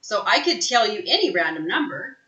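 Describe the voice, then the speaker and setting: A woman giving an energetic sales training talk, emphatic and fond of asking "right?" after her points. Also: medium pitch, brisk, echoey room, lo-fi sound. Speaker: real estate sales trainer. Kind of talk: live online training talk.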